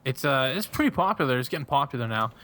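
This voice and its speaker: A man's voice: mid-range voice, sing-song, quick pace, a bit bright, a little hiss or hum. A young man, a podcast guest, chatting casually, rambling with lots of fillers and laughing often. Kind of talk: casual chat.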